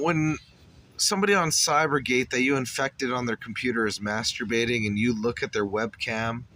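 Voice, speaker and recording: A man's voice: medium pitch, sharp tone, slight background noise. A man hosting his podcast, telling stories in a rambling, profane, boastful way. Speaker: podcast host. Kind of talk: casual monologue.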